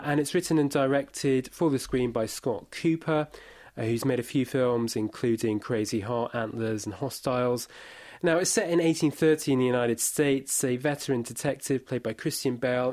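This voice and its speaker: A man's voice: mid-range voice, a little mellow. Hesitant male film critic. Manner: hesitant, many fillers and restarts. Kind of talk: casual chat.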